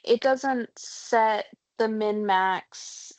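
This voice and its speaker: A woman's voice: on the high side, extremely slow, no room sound, low-quality recording. A woman attending an online training session, asking a question carefully and checking each step. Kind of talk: question in a webinar.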